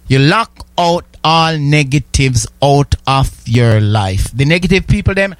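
A man preaching with fervor, stacking one repeated declaration on another and pushing toward a shout. His voice sits a little high for a man. The sound is close and dry, with no room around it. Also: animated, unhurried, hardly any pauses, dry recording. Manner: rhythmic, repetitive declarations, rising to shouts. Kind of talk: sermon.

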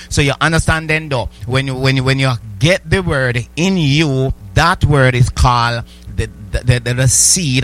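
A man preaching a sermon. His voice sits at an ordinary middle pitch. He often stumbles and repeats words as he builds his points, and he keeps asking his listeners questions. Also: a bit bright. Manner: repetitive stammering restarts, rhetorical questions to the congregation.

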